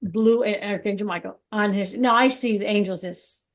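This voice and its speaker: Woman co-host telling lively stories. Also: medium pitch, normal speed. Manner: lively storytelling, acting out quoted voices. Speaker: podcast co-host. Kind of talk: casual spiritual chat.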